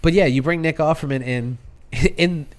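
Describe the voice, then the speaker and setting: An American man co-hosting a podcast, chatting casually about a movie, animated and profane, with many restarts. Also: fairly high pitch, normal speed. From United States. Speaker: podcast co-host. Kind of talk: casual movie review chat.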